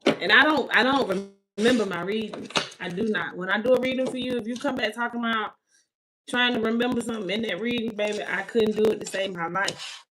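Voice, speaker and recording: A woman's voice: a little high, steady tone, brisk, fairly bright tone, slight background noise, poor audio. A woman tarot reader on an emotional live stream, talking to her viewers, repeating herself and close to tears. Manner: spiritual, ends with a prayer.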